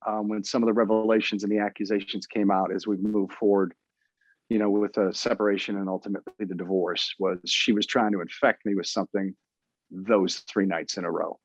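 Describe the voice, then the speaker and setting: A man in his fifties, an author, telling his story in an interview in an earnest, halting way with many restarts. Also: lowish voice, flat delivery, no echo, dull audio.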